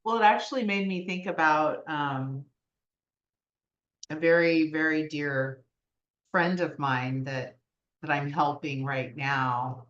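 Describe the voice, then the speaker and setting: A woman co-hosting a casual podcast chat, talking through a story with frequent pauses. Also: low-pitched, fairly bright tone, echoey room, muffled recording. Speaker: podcast co-host.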